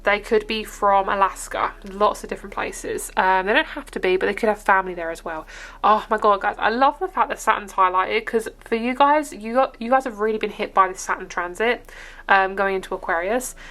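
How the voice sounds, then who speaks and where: A woman's voice: medium pitch, a little fast, bright, forceful tone. A young woman with an English accent gives a casual, rambling tarot reading to camera in an upbeat, chatty way. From England. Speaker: tarot reader.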